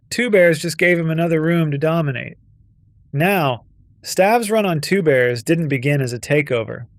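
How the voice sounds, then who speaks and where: A man's voice: medium pitch, no echo. A man narrating a scripted video essay with a punchy, wry delivery.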